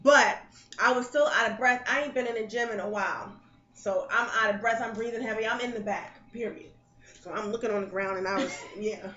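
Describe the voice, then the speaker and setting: A hoarse woman chatting casually as a co-host, telling animated stories with frequent laughs and swearing. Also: a little high, brisk. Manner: animated storyteller, laughs often, swears freely. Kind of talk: casual chat. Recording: roomy, dull, loud background noise.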